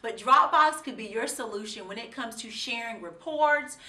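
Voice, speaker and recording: A woman's voice: fairly high pitch, normal speed, bright, forceful tone, reverberant, recorded from a distance. A woman presenting a business tip segment in an enthusiastic way, repeating key words for emphasis.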